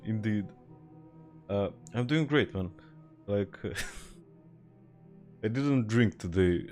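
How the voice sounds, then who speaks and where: A man's voice: fairly low pitch, darkish tone. A young man from Serbia with a Serbian accent, chatting casually on a game stream, laid-back and swearing, reading and answering viewer chat. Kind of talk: casual live-stream chat while gaming.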